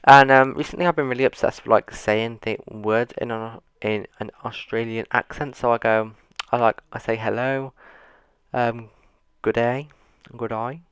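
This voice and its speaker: A man's voice: mid-range voice, steady tone, moderate pace, a bit bright, clean tone, dry recording. Rambling man, dry sarcastic chatter. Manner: rambling, self-mocking, dryly sarcastic asides. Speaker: gaming YouTuber. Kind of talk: casual gameplay commentary. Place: seated at a computer.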